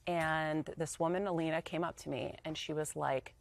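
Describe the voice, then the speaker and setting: Interview guest, woman, 30s; candid, emotional storyteller, lower voice, dry studio mic. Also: normal speed, vocal fry, no room sound. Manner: emotional, animated retelling with quoted dialogue.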